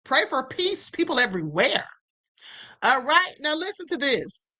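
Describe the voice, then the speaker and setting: A woman's voice: high-pitched, sing-song, unhurried, pushed and bright. A woman hosting a live stream, giving casual commentary in an emphatic way and calling her viewers "honey.". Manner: emphatic, keeps saying "okay" and "honey"; laughs and teases her viewers. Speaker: livestream host.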